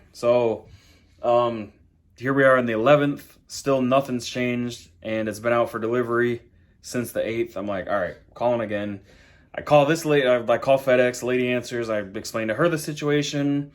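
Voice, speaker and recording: A man's voice: medium pitch, normal speed. A man vlogging from home, telling a long casual story, rambling and full of "I'm like" and "you know". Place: home, dogs in the background.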